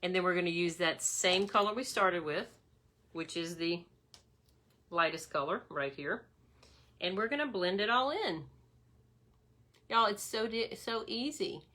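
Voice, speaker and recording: Woman, casual makeup demo host, bright chatty voice, calls viewers y'all. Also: on the low side, expressive, measured pace, long pauses. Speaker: makeup demonstrator.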